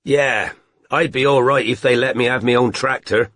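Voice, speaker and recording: A man voicing a gruff, awkward male private detective who speaks low, halting and careful. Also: fairly even intonation, fairly bright tone, dry recording, studio quality, natural voice. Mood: casual.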